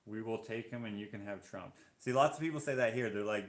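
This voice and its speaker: A Canadian man with a fairly low voice chats casually on a live stream, reading out viewer comments and reacting to them as he goes. His voice carries the echo of a roomy space. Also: normal speed.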